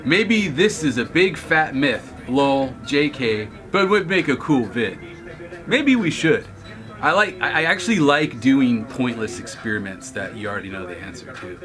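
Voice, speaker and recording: A man's voice: medium pitch, very animated, a little slow. A man hosting his own video, reading viewer comments aloud and answering with wisecracks and laughs. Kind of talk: casual chat.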